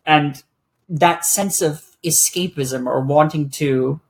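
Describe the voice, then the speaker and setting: A podcast guest who talks reflectively in a casual conversation and often pauses to find words. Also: medium pitch.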